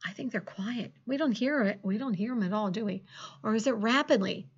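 A middle-aged woman leads a second grade phonics lesson in a slightly high, sing-song voice. She stays encouraging and draws words out slowly for young children. The sound is dull and lo-fi. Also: slightly rough. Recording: dull lo-fi classroom recording.

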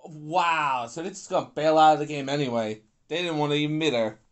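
A man's voice: a little high, a little fast. A young man giving grumpy, rambling commentary while playing an online pool game, swearing and complaining at his opponents. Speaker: gaming YouTuber. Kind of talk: casual gameplay commentary.

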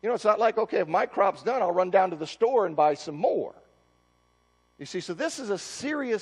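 A man preaching an expository sermon, reading scripture and explaining it, with emphatic rising bursts. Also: high-pitched. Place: church sanctuary. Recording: long church reverb.

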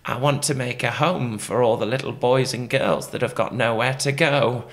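A man voicing a strange lonely woman who walks the woods at night, loud, high and slow. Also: close to an everyday voice. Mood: insistent.

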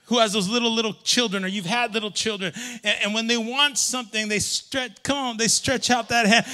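A middle-aged male pastor with a high, ringing voice preaches in a church. He calls to the crowd for a response, then climbs to fervent shouts. His tone stays bright and forward. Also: steady tone, fairly quick, smooth. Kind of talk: sermon. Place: church sanctuary.

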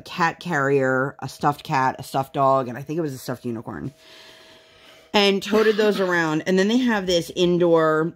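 A woman in her thirties chatting casually at home while she works on a craft project, telling candid stories and now and then putting on voices when she quotes people. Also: low voice. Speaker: craft vlogger.

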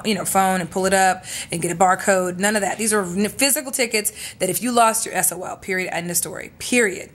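A woman's voice: medium pitch, a bit bright. A young adult woman vlogger telling a dramatic, profane storytime in casual chat.

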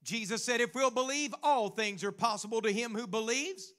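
A man's voice: very high-pitched, normal speed, bright, forceful tone. A man preaching a sermon as pastor, quoting scripture and building to fervent exhortation.

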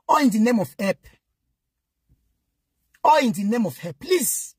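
A woman's voice: on the high side, lively intonation, a little slow, pauses often, a little mellow, breathy edge, no room sound, clean studio sound. A Nigerian woman giving an impassioned, scolding rant to her online audience, switching between Pidgin and local languages. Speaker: social media commentator.

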